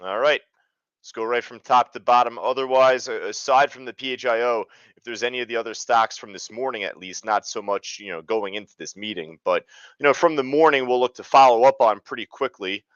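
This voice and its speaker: A man's voice: mid-range voice, brisk, a bit bright, no room sound, lo-fi sound. Chatty man hosting live trading. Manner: casual, chatty, many fillers. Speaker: trading room host. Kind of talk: live trading webinar commentary.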